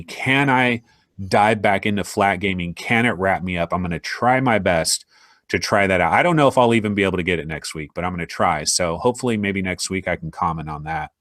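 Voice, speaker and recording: A man hosting a podcast in casual chat, animated and acting out imagined listeners. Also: low-pitched, moderate pace, dry recording, studio quality. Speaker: podcast host.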